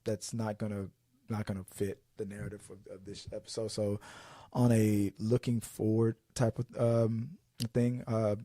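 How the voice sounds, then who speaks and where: A man's voice: lowish voice, little pitch movement, normal speed, dark tone, no echo. Rambling male movie podcast host. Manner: rambling, restarting sentences, acting out quotes. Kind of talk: casual movie chat.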